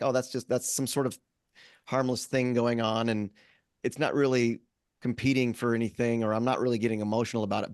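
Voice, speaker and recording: A man's voice: mid-range voice, no room sound, studio quality. A man co-hosting a podcast, talking in a rambling casual way with lots of restarts. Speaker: podcast co-host. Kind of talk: casual chat.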